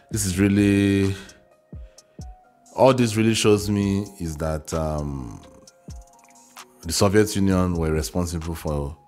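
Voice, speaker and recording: A man from Africa with a low, deep voice, talking casually as he reacts to a documentary. He exclaims often and restarts his sentences as his thoughts catch up with him. His tone stays candid and chatty throughout. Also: darkish tone. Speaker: reaction video host.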